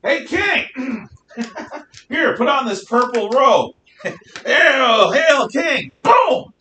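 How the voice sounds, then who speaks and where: A man acting out rough soldiers who mock a prisoner with shouted, laughing taunts. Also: very high-pitched, animated, extremely slow, echoey room, slight background noise, pitched above the performer's own voice, full character voice. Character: jeering rough male soldiers mocking a prisoner.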